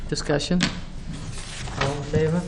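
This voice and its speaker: A man's voice: fairly high pitch, steady tone, normal speed. A man chairing a town board meeting, speaking hesitantly with many fillers and restarts. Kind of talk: meeting discussion. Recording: faint background noise, public meeting room.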